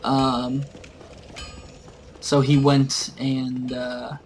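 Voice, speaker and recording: A man's voice: mid-range voice, monotone, drawn-out words, a little hiss or hum, rough recording. A man casually recounting a tabletop game session in a rambling way, full of fillers. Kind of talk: casual storytelling.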